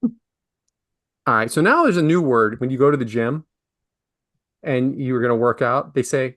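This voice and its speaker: A man hosts a comedy podcast, griping with theatrical exasperation. His pitch leaps up and down as he complains. The sound is close and dry, with no room echo. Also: measured pace, long pauses. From half Italian, Philadelphia area. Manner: animated, exasperated complaining with big pitch swings. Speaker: podcast host.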